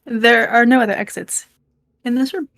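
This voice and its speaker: Woman game master, fairly high voice, stop-start delivery while checking notes. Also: steady tone, moderate pace, vocal fry, a bit bright. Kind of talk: running a tabletop game.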